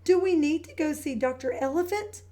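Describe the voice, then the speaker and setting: A woman reading a storybook aloud and giving the lines of a curious, excitable little girl pig in her own voice, only a little higher. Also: moderate pace, natural voice. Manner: read-aloud, plain, raised pitch.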